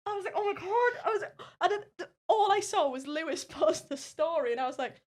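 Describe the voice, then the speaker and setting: A young woman telling a story as a podcast guest, animated, laughing often and swearing freely. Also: very high-pitched, a little fast. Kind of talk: casual storytelling.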